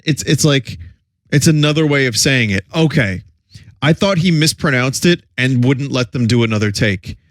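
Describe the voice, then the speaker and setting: A man's voice: mid-range voice, animated, a little slow, dry recording, studio quality. A man streaming and reacting to old commercials in casual, rambling commentary with chuckling asides.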